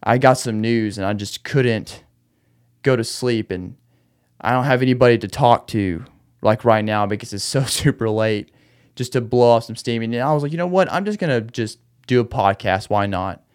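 A man's voice: mid-range voice, normal speed, clean tone. A man hosting a solo late-night podcast, venting in a rambling, restless way and laughing through his anger. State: agitated, wound up. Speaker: podcast host. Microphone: podcast microphone.

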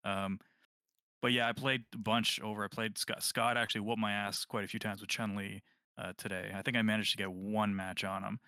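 A man co-hosting a podcast, chatting casually about video games in a rambling, relaxed way. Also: fairly low pitch, brisk, smooth, dry recording, studio quality. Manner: rambling, relaxed, lots of fillers and restarts. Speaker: podcast co-host.

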